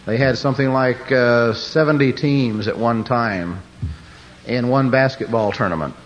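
A male emcee introduces a guest speaker at a conference. He speaks haltingly, restarting his sentences, in a middle-pitched voice. The old recording sounds dull and muffled. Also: a little hiss or hum. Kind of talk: formal introduction.

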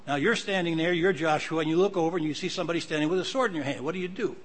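A man's voice: a little high, fast talker, fairly bright tone. An older man preaching a sermon, teaching in a conversational way and reading scripture aloud with growing emphasis.

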